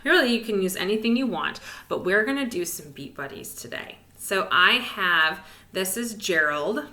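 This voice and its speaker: Woman, elementary music teacher, video lesson for little kids, animated pitch, echoey room. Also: moderate pace. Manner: cheerful, encouraging, sing-song with whispered rests. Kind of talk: video lesson for young children.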